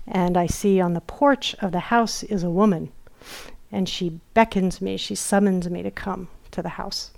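A middle-aged woman giving a dharma talk as a meditation teacher. She tells stories gently and softly, dropping at times into a near whisper. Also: on the low side, creaky. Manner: slow, gentle storytelling with soft whispered asides. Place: retreat center meditation hall.

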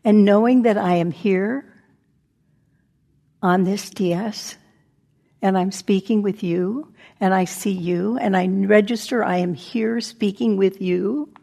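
A woman teaching meditation in a relaxed, conversational way. Her voice is husky with a gravelly edge, and now and then it sinks to a near-whisper. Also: mid-range voice, slow pace. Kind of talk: dharma talk. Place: meditation center talk.

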